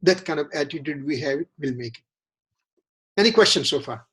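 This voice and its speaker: A man's voice: a little high, lively intonation, normal speed, sharp tone, breathy edge. A man leading a religious scripture study class, earnest and repetitive, often asking rhetorical questions.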